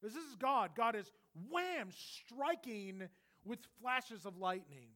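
A middle-aged pastor preaching a sermon in a conversational, animated way, swinging from loud bursts to hushed asides. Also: male voice, high voice, slow pace. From California.

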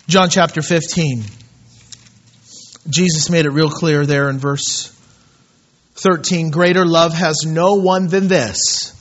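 A male pastor delivers a sermon in a fairly high voice, dropping to soft asides and then rising into loud, emphatic bursts. The recording is dull and lo-fi.

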